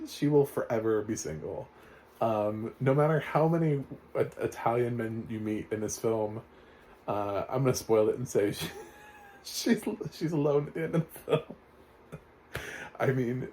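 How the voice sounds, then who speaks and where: A man's voice: medium pitch, unhurried, warm tone. A man reviewing a film in casual, rambling talk with sarcastic asides.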